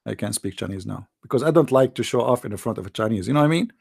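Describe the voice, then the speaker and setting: An actor playing a boastful, rambling mock preacher with an Arabic accent, in a satirical livestream monologue. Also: male voice, medium pitch, animated, very fast, creaky, a little mellow, breathy edge. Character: mock-pompous self-styled male preacher, middle-aged.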